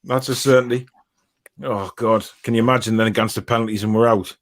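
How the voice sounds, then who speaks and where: A man's voice: fairly low pitch, steady tone, brisk. Teasing man hosting football banter. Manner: teasing, laughs between reading comments aloud. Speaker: podcast host reading viewer comments.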